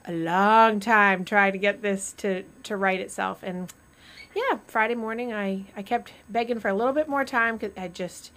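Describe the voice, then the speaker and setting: A woman's voice: mid-range voice, fairly even intonation, moderate pace, a bit bright. Chatty woman hosting a live stream. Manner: chatty, rambling, laughs often. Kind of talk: casual live-stream chat.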